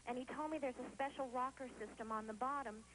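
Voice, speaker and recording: A woman's voice: sits high, steady tone, fast talker, fairly bright tone, slight background noise, low-quality recording. A woman from New Jersey calling in to a shopping show, gushing and chatty with easy laughs. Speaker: call-in viewer. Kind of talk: phone-in testimonial.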